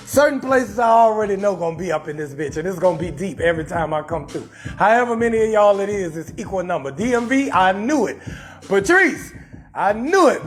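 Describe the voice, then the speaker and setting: A comedian from New Orleans, USA, with a New Orleans accent and a high voice, hosts a live stream. He roasts someone in a loud, profane rant punctuated by shouted bursts.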